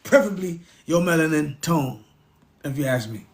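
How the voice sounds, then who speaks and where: On the high side, with lively intonation and a moderate pace, the voice is that of a middle-aged vlogger from the United States. His casual monologue is a rant: preachy, emphatic, repetitive and heavy on profanity.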